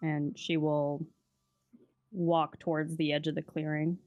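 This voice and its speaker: A woman player in a tabletop game who speaks in a halting, sincere way with many fillers. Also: low voice, flat delivery, darkish tone, dry recording, dull audio. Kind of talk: in-character tabletop role-play.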